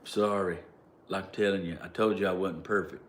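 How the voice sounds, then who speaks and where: A low-pitched man with a Southern American drawl talks straight to the camera, looping through fillers and restarts before landing his points with sudden force. His voice rings off the walls of a roomy space, with faint ambient noise underneath. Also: fairly even intonation, a little fast. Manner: rambling, heavy on "like", restarts, emphatic bursts. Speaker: vlogger. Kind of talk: casual storytelling monologue.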